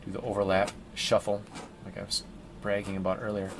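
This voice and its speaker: A man's voice: lowish voice, monotone, brisk, creaky, noisy background. A man chatting casually and rambling with jokes as he paints on a live stream, calling his viewers "team".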